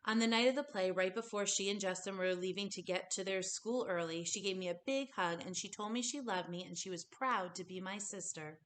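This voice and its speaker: A woman actor reading a children's novel aloud in a gentle, expressive storybook manner. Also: medium pitch, a little hiss or hum. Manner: gentle, expressive, slowing on tender moments.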